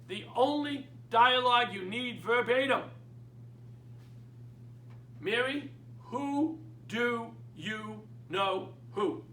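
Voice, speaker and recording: A middle-aged man with a Boston accent, coaching real estate agents in an energetic, emphatic way and acting out phone calls. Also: very high-pitched, recorded from a distance, slight background noise. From Boston area. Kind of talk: instructional talk. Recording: echoey room, speaker away from the mic.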